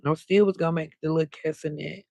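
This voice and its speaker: A woman's voice: sits low, steady tone, quick pace, creaky, dark tone, no echo. A woman hosting a casual late-night livestream, chatting freely and greeting viewers by name, drawing her words out. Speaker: livestream host.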